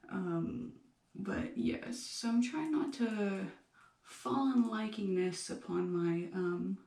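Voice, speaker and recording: A young woman rambling through a personal vlog, halting often with fillers and restarts. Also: fairly low pitch, creaky, darkish tone. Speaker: vlogger. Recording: echoey room, mic at a distance.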